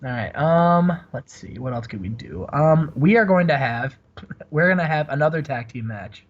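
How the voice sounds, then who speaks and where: A man hosting comedic let's-play commentary, telling the story in an animated way and laughing often. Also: a little high, normal speed, dull audio. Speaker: host.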